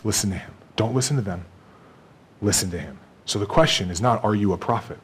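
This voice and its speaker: A man's voice: fairly low pitch, fairly quick, breathy edge. A man preaching a sermon in a conversational way, acting out bits of dialogue and laughing with the congregation. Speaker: pastor.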